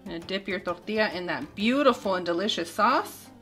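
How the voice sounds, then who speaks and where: A woman's voice: mid-range voice, expressive, fairly quick, fairly bright tone, soft background music. A woman hosting a cooking channel, giving upbeat, chatty step-by-step recipe narration.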